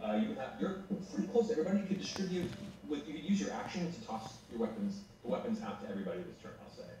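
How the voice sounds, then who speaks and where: A man's voice: medium pitch, big pitch swings, racing, dark tone, slight background noise. A man narrating as game master, describing monsters vividly and calling turns. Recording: show audio replayed, distant and echoey.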